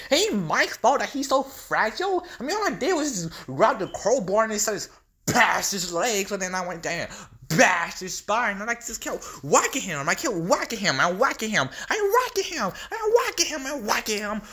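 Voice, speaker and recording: A man's voice: high-pitched, very animated, moderate pace, bright, forceful tone, exaggerated voice. Joker, a man doing a cackling, taunting clown villain. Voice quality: cackling laugh. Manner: taunting, sing-song, swings between whispers and squeals. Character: unhinged male clown villain, taunting and gleeful. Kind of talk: fan impression skit.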